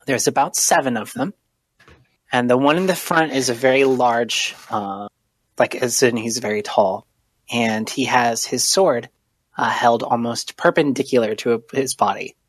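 A game master runs a tabletop campaign at a middle pitch, in a dry, close recording. The narration moves along steadily and pauses often for ums while setting out each scene for the players. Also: dry recording. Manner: measured, with frequent ums while describing scenes.

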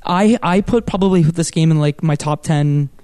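Smooth-voiced enthusiastic male podcast host. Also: on the high side, normal speed, warm tone, no echo, studio quality. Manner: enthusiastic, rambling with many fillers. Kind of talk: casual chat about a video game.

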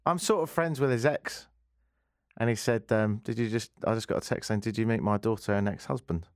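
A man co-hosting a radio show in a casual, playful, self-mocking chat with quick asides. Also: on the low side, clear, resonant tone, no room sound, clean studio sound. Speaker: radio co-host.

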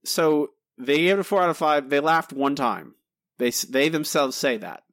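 A man hosting a podcast, reading listener answers aloud in a relaxed, chatty way with some self-corrections. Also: fairly high pitch, moderate pace, dry recording. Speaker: podcast host.

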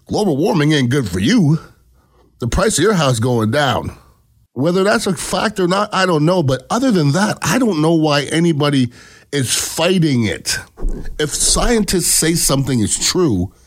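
A man giving a casual political commentary monologue, emphatic, blunt and profane, often checking in with "okay?". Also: mid-range voice.

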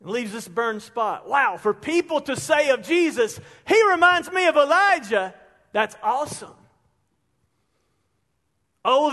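A man preaching a storytelling sermon as a pastor, chatty and conversational, building his stories up to loud peaks. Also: very high voice. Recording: long reverb of a large hall.

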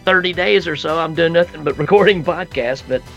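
A man's voice: on the high side, brisk, vocal fry, highs cut off, soft background music. Joking man guesting on a podcast. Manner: joking, rambling, relaxed. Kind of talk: casual podcast chat.

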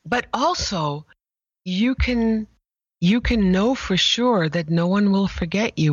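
A woman guest telling her story with animated emphasis and swings of pitch. Her voice sits at an ordinary height. The sound is slightly dull and dry. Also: no echo. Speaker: guest, image therapist. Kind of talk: conversational interview.

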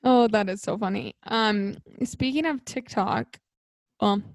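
A woman's voice: mid-range voice, unhurried, vocal fry, no echo, studio quality. A young woman co-hosting a podcast, bubbly and upbeat in casual chat. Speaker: podcast co-host.

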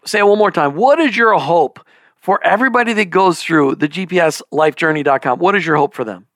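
A man hosting an interview podcast, asking questions in a playful, animated way and wrapping up the show. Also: high-pitched, a little fast, dry recording. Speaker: podcast host. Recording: dry close-miked sound.

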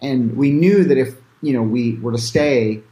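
A man's voice: mid-range voice, normal speed, mellow. Rambling man in a roomy room. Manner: rambling, many fillers and restarts. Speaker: filmmaker guest. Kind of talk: casual interview talk.

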